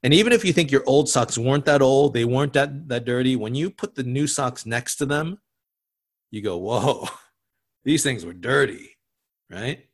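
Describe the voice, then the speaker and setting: A male pastor delivers a sermon in a mid-pitched voice, talking conversationally with frequent restarts and asides. He lowers his voice to a hush on solemn words, then lifts it again. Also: normal speed.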